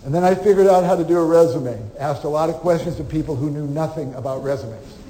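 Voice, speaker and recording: Male keynote speaker, animated storyteller who plays out dialogue; mellow tone, reverberant hall. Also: fairly high pitch, fast. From Omaha, Nebraska. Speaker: motivational speaker. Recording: reverberant hall with faint noise.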